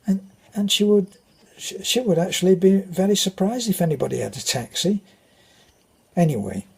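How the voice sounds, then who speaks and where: An older man with a British accent tells anecdotes in a rambling, casual way. His voice is very husky and breathy. His pitch sits in the middle range. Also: darkish tone. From Britain. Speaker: vlogger. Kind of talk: casual storytelling.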